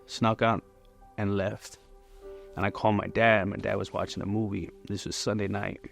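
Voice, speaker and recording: A man in his forties tells his personal testimony in a candid, rambling way. His voice sits fairly low with a gravelly edge, and soft music plays underneath. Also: level tone, normal speed. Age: 40s. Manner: candid and conversational, many fillers. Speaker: church member giving testimony.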